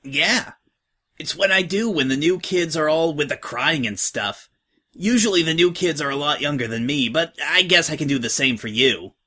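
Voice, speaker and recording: A man's voice: a little high, expressive, normal speed, sharp tone. A man doing a brash, tough young filly. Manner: blunt, slangy, offhand. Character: brash, tough young filly, slangy orphan-home veteran.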